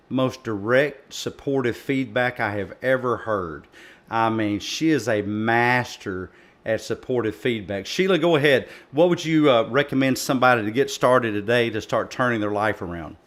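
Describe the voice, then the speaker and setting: A man hosting a live audio panel with an earnest, encouraging tone. He has a mid-range voice and a habit of dropping in fillers and restarting lines before he warms to a point. He comes across steady and plain. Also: mid-range voice, moderate pace. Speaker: host.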